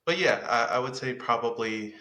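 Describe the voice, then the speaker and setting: A young adult man co-hosting a podcast who talks in a reflective, halting way with many fillers. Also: medium pitch, lively intonation, sharp tone, echoey room. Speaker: podcast co-host. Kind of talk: casual chat.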